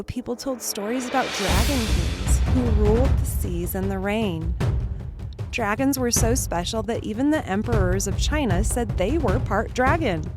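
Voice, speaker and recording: A woman hosting a children's storytime, telling tales in a gentle, hushed, dramatic way. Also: medium pitch, no echo, clean studio sound.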